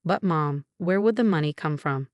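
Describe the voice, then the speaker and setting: Timid flustered young wife, read by a woman, lowish voice. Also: normal speed, no echo, highs cut off, close to an everyday voice. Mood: anxious. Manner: hesitant, nervous.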